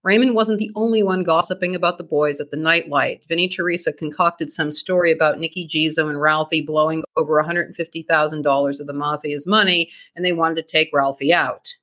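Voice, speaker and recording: A podcast co-host with a Boston accent narrating true crime history, brisk, with blunt, profane asides. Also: mid-range voice, steady tone, sharp tone.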